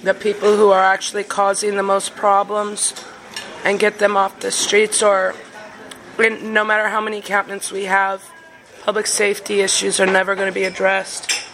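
A woman's voice: mid-range voice, monotone, normal speed, a bit bright, a little hiss or hum, low-quality recording. A woman advocate giving an earnest, casual account of talking with a neighbor. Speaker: homeless advocate. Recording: crowd chatter in the background.

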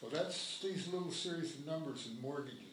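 A man in the audience speaks with indignation, halting and swearing as he goes. His voice is somewhat high. He sits well away from the mic in an echoey room with a faint hum. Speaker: audience member. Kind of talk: speaking up at a community meeting. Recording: echoey room heard from far off.

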